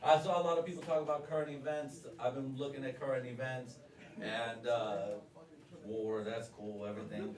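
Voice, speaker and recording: A man's voice: medium pitch, steady tone, normal speed, a little mellow. A man doing a stand-up set at an open mic. He is crude and profane and keeps laughing at his own jokes. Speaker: stand-up comedian. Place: live comedy venue with an audience. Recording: roomy live venue, distant, crowd noise.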